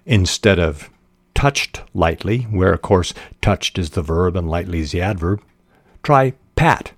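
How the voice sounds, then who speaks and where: A man hosting a fiction-writing podcast who explains craft in a measured, deliberate way, pausing often on "uh". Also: low voice, animated, no echo. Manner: measured and deliberate, with frequent "uh" pauses. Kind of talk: instructional podcast talk.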